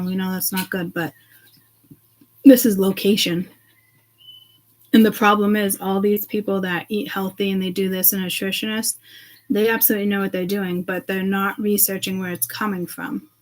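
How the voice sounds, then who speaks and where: A woman's voice: medium pitch, low-quality recording. A woman speaking to her viewers in a loose, rambling monologue, agitated and swearing freely. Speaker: self-described seeress.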